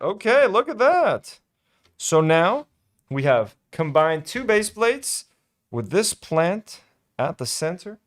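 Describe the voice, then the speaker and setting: A young man hosting a casual hobby vlog, chatty and self-delighted, full of fillers. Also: a little high. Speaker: toy-building channel host.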